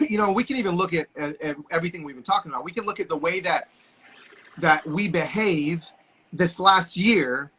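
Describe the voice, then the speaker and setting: A man's voice: high voice, bright, forceful tone, breathy edge. A man in his forties, a guest on a video call, telling stories with passionate, preacher-like energy. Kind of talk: casual conversation.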